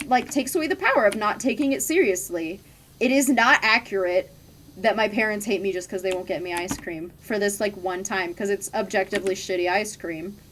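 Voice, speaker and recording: A woman's voice: medium pitch, fairly bright tone, a little hiss or hum. A woman in her twenties chatting candidly while streaming a game, full of "like" fillers. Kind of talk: casual chat while gaming.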